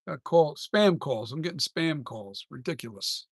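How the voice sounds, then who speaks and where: A man's voice: on the high side, lively intonation, a little slow, vocal fry, dry recording, clean studio sound. A man who makes masks, chatting casually on a live stream, rambling and often trailing off and restarting sentences. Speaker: mask maker and live streamer.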